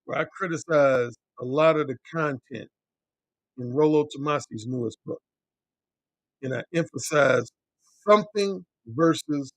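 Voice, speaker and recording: A middle-aged male dating coach talking bluntly on a livestream, swearing freely and repeating his points for emphasis. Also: no echo. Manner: mimics other men in a high voice when quoting. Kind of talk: livestream talk answering chat.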